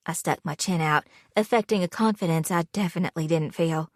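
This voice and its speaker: A woman's voice: fairly low pitch, fairly even intonation, fairly quick, dry recording. Woman narrating an audiobook, dry sound. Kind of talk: first-person scripted narration.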